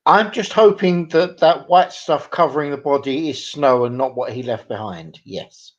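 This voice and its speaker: A man's voice: fairly high pitch, moderate pace. A man co-hosting a casual chat, dry and joking. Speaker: co-host. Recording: muffled lo-fi mic.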